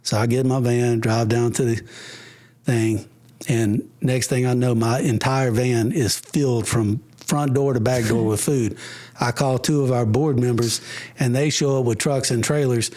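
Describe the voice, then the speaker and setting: A middle-aged man sharing his personal recovery and faith story as a podcast guest, animated and acting out the voices he quotes. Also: medium pitch, measured pace. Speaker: podcast guest, ministry founder.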